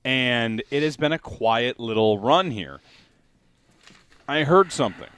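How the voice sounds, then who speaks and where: A man's voice: mid-range voice, animated, a little slow, fairly bright tone, smooth, no echo. Teasing man co-hosting a chat. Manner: teasing, brief interjections. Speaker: radio co-host. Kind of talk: casual chat.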